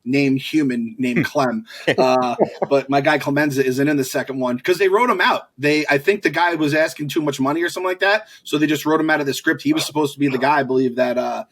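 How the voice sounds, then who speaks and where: A man's voice: fairly high pitch, fast, hardly any pauses, fairly bright tone. A man co-hosting a podcast in loose, casual chat, swearing freely and laughing often. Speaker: podcast co-host.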